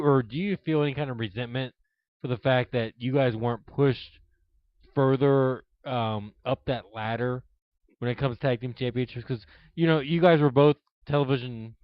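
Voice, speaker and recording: Smooth-voiced man asking rambling questions. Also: mid-range voice, moderate pace, no echo. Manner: long, circling questions with many ums. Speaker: interviewer, show host. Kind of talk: interview questions. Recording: dull, lo-fi.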